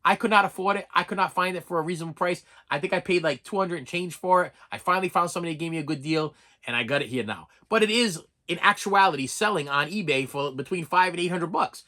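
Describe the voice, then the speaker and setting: A middle-aged man delivers an emotional, unscripted vlog rant. He rambles and repeats himself, often stumbling over restarts. His voice sounds tense and sharp and sits slightly high. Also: quick pace. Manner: rambling, repetitive, heated, with frequent stammered restarts. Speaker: collector vlogger.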